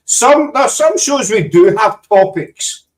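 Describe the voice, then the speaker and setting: A man's voice: high voice, expressive, slow pace. Jokey Scottish man, distant mic. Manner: jokey, rambling, teasing banter. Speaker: show host. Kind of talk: casual live panel chat.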